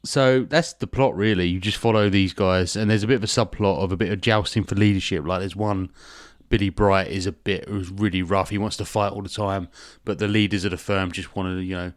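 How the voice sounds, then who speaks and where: A man's voice: low-pitched, steady tone, a little fast, few pauses, no room sound, clean studio sound. A man, a podcast co-host, recapping a film in a rambling, jokey way and swearing in casual comedic chat.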